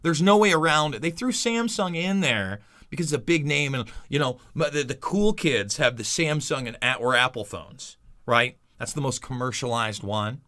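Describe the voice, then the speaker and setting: A man's voice: mid-range voice, moderate pace, few pauses. A man hosting a commentary show, ranting and mocking over news clips with heavy repetition. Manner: animated, mocking, repetitive emphasis. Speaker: commentary host.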